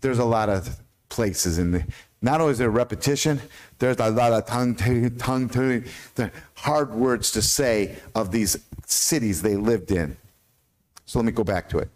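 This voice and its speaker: A man with an American accent preaching a sermon as pastor, animated, with questions to the congregation. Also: fairly low pitch, normal speed. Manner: animated, asks the congregation questions, stumbles over hard names.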